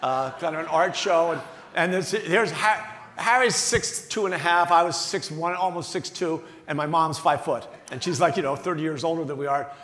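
An animated, self-mocking man in his sixties from the Philadelphia area, spinning a story for a luncheon crowd. His voice sits somewhat high. He was recorded in a big banquet hall with a long, roomy echo. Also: moderate pace, few pauses. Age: 60s. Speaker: guest speaker. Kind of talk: anecdotal storytelling on stage. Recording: echoey hall with long reverb.

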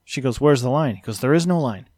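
Regular-voiced guy on a podcast calmly breaking down a debate, quotes both sides pretty flat, dry sound. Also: mid-range voice, slightly rough, dry recording. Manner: measured, analytical retelling, quoting dialogue in a flat tone. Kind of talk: casual chat recounting a video.

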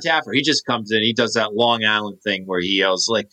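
Podcast co-host, man in his 30s, lowish bright voice, meandering casual chatter. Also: brisk, few pauses, poor audio. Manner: rambling, many fillers and restarts. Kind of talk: casual chat.

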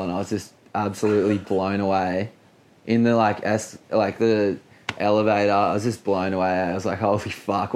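A man's voice: on the low side, darkish tone, a little hiss or hum. A man in his late twenties with an Australian accent, a guest surfer telling a story in a casual, laid-back way, full of swearing and filler words.

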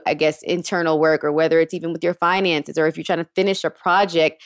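A woman's voice: low-pitched, level tone, fast talker, no room sound, clean studio sound. A young woman hosting a podcast, giving casual advice in a frank, slangy way with casual cursing. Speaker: podcast host.

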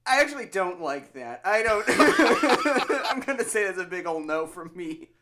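A man co-hosting a podcast, reacting with jokes and quick banter. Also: high voice, sing-song, heavy background noise. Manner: joking, reactive banter with laughs. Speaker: podcast co-host. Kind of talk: casual chat. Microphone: podcast mic.

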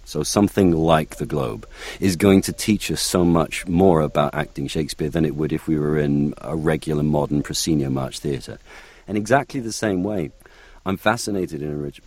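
A man from North Wales, an actor, answers interview questions reflectively, often restarting his phrases. His voice is extremely low and husky, and the recording is dry and close. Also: darkish tone, dry recording.

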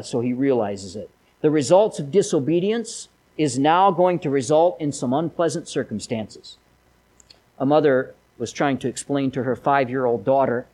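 A man's voice: medium pitch, a little mellow, low-quality recording. A man preaching a sermon, mixing folksy stories with emphatic appeals. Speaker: pastor.

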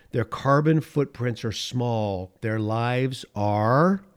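Sarcastic man with a lowish voice. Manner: sarcastic, heats up then reins himself in, chuckles at his own points. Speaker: podcast host. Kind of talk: political commentary monologue.

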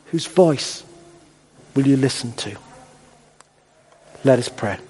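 A male pastor preaching a sermon in a measured, emphatic style with rhetorical repetition. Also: mid-range voice, expressive, darkish tone, slightly rough. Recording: long hall reverb.

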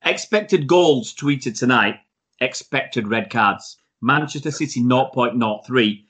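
A man in a casual football podcast chat, speaking at a mid pitch. He is blunt and outspoken and does not soften his opinions. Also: expressive, slow pace. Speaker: podcast co-host.

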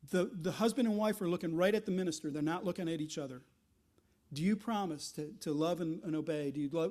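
A man's voice: high voice, a little mellow. A man preaching a sermon in a conversational way, often restarting phrases and acting out little quoted asides. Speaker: pastor.

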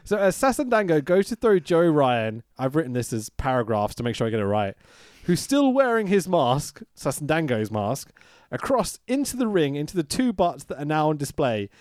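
A man in his thirties co-hosting a podcast, animated and laughing a lot as he swears his way through a story. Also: a little high, moderate pace, no echo, clean studio sound. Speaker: podcast co-host. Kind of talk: casual wrestling podcast chat. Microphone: podcast mic.

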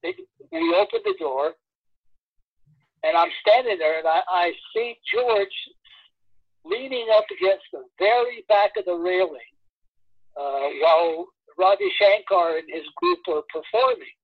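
Man, lively, husky-edged raconteur, slips into character voices, dry dull lo-fi recording. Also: high voice, measured pace, dry recording. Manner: animated storyteller acting out quoted voices. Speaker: former record promotion man telling stories. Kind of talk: casual anecdote-telling.

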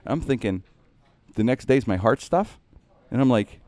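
A middle-aged male show host spins a long comic story in casual chat, acting out other people's lines in an animated, jokey way. His voice sits at medium pitch, his pace is unhurried, and there's no room sound.

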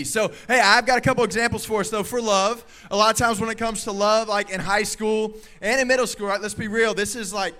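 A male youth pastor preaching a lively, crowd-engaging sermon with a high, bright, ringing voice. He is playful and energetic, joking with the room and calling out loudly to his listeners. He speaks into a handheld microphone in a youth service hall.

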